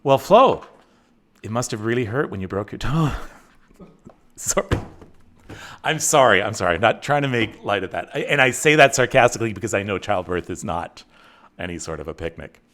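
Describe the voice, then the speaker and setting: Animated rambling man. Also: on the low side, moderate pace, long pauses. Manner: animated, rambling, self-mocking, with frequent restarts. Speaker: host. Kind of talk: casual livestream chat with viewers.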